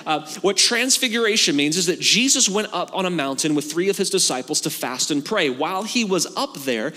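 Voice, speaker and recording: A man's voice: high-pitched, fairly quick. A man preaching as a pastor, telling the story in a casual, joking way and acting out the dialogue. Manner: animated storytelling with acted-out dialogue. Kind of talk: sermon. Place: church sanctuary. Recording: long hall reverb from a church.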